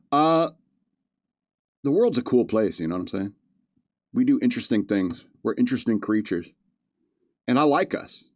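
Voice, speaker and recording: A man's voice: medium pitch, animated, a little slow, long pauses, dry recording. A man hosting a podcast, reading news stories aloud with joking asides and frequent chuckles. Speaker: podcast host. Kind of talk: casual comedic commentary.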